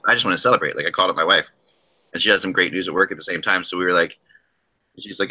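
A man's voice: sits low, very fast, bright, forceful tone, rough recording. A man hosting a casual hockey podcast, rambling and joking with frequent restarts. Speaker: podcast host.

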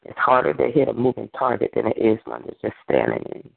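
A man's voice: medium pitch, sing-song, fairly quick, gravelly, slightly rough, dry recording. A man leading a prayer line, exhorting with a fervent, repetitive preaching cadence over a phone call.

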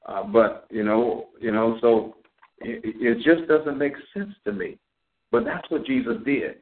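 A man preaching a Bible lesson on a community call, reading scripture slowly and deliberately. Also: mid-range voice. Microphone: call audio. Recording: narrow phone-line sound.

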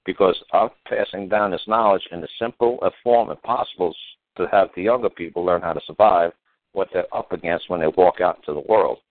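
A man's voice: deep voice, brisk. An older man hosting a radio show, talking in a plain, blunt, repetitive, folksy way over a tinny phone-line sound. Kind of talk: casual talk radio chat.

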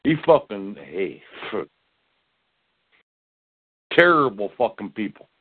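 A male caller ranting in a halting, profane way on a phone line. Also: lowish voice, very animated, husky, dry recording. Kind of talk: angry phone rant.

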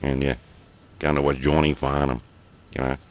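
A man's voice: extremely low pitch, flat delivery, moderate pace. An Australian man chatting casually as a podcast co-host, rambling through stories and chuckling between them. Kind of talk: casual chat.

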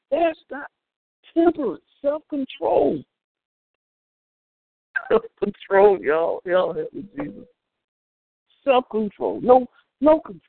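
A man preaches with a bright, high voice that leaps up and down in pitch. He jokes and calls out to the congregation as he goes. The sound is thin and phone-like, with no room echo. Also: gravelly, slightly rough. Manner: animated, humorous preaching with call-outs to the congregation. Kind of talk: sermon.

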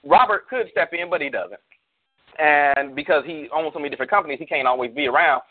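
A man serving as pastor preaches in a relaxed, slangy way, leaning on made-up scenarios to drive his point home. His voice sits a bit high. The audio comes through a thin, tinny phone-like line. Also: fast talker. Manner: preachy storyteller, spins hypotheticals, slangy. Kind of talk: casual church talk show on a call.

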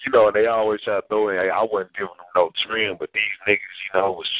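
Lowish-voiced guy telling a story, keeps saying you know what i'm saying, thin phone sound. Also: fairly even intonation, fast. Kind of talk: casual chat. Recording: dry, phone-like band.

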